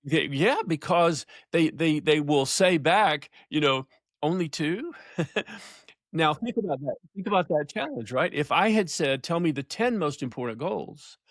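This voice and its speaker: An older man, a leadership coach, telling stories in a podcast interview, emphatic and slowing down to stress points. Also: fairly high pitch, animated, no room sound, clean studio sound. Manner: emphatic storyteller, slows for emphasis, laughs often.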